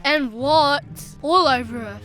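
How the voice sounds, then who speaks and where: A woman reading story lines slowly and carefully in a group storytelling. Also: high-pitched, fairly bright tone, soft background music.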